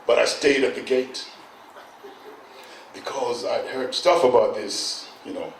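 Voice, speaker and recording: A middle-aged Kenyan man doing stand-up storytelling, animated, acting out voices and bursting into shouts. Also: medium pitch, a little slow, vocal fry, far from the mic. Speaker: stand-up comedian. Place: event hall on stage. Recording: echoey hall, mic from afar, noisy.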